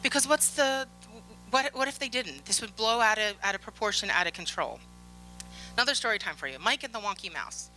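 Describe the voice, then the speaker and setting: A woman giving a conference keynote, telling work stories in a lively way, acting out the dialogue and laughing often. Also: mid-range voice, brisk, soft background music, poor audio. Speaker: conference speaker on security. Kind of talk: keynote storytelling. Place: conference stage.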